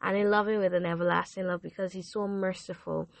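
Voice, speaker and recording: A teenage girl hosting her own podcast, earnestly and repeatedly thanking her listeners, her voice going hoarse. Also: on the low side, little pitch movement, fast talker, no room sound. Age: teens. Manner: earnest and repetitive, gushing thanks. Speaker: podcast host. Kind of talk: casual faith podcast monologue.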